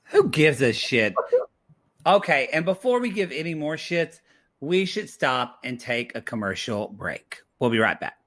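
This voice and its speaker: A man's voice: a little high, big pitch swings, moderate pace, fairly bright tone. A man co-hosting a podcast, giving blunt and sassy opinions in a casual reality TV recap chat. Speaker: podcast co-host.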